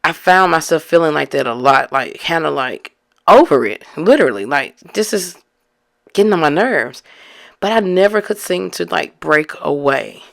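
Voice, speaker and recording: A woman's voice: low voice, expressive, normal speed, vocal fry, a bit bright. A woman casually telling a story from her own life and acting out both sides of the talk with rising exasperation. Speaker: storyteller recounting her own past relationship.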